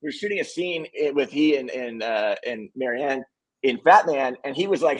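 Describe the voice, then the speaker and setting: A film director telling animated, quote-filled stories in a casual interview. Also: male voice, medium pitch, fairly quick, rough recording. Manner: animated storyteller acting out quotes.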